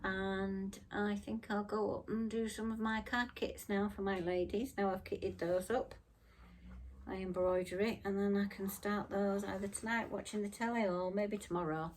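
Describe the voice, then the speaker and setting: A woman's voice: mid-range voice, level tone, moderate pace, a little mellow, slight background noise. A middle-aged woman, chatting casually in her craft vlog, tired and yawning, rambling and apologetic. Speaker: crafting vlogger.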